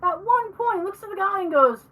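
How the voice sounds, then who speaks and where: A woman co-hosting a podcast in casual chat, telling animated stories, acting out the people she quotes and swearing freely. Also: extremely high pitch, normal speed, recorded from a distance, poor audio. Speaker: podcast co-host.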